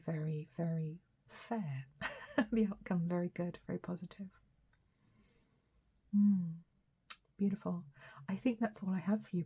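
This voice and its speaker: A woman giving a casual tarot reading, her voice a little hoarse from a recent cold, chatty and often laughing. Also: fairly low pitch. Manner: chatty, laughs often, some soft whispery asides. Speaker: tarot reader.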